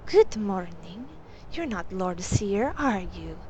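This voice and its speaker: A woman voicing a young female lizard-folk courier who speaks quietly and candidly. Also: medium pitch, lively intonation, slow, slight background noise, rough recording.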